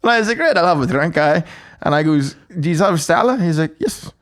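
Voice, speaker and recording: A young man, telling a sweary, animated story on a casual podcast and acting out both sides. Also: fairly high pitch, brisk. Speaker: podcast co-host.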